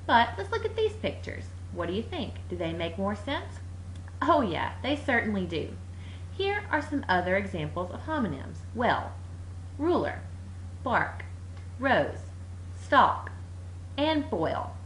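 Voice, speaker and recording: A woman walks through a lesson on confusing words, her pitch leaping up and down as she stresses each example. The recording sounds roomy, with a faint hiss behind her. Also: a little slow. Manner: lively, playful emphasis on words. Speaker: teacher. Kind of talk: animated explainer narration.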